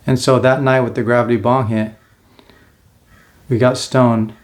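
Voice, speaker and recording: This man in his forties speaks at medium pitch with a level tone and a slightly slow pace. Earnest and relaxed, he recounts his life and occasionally performs his own past words.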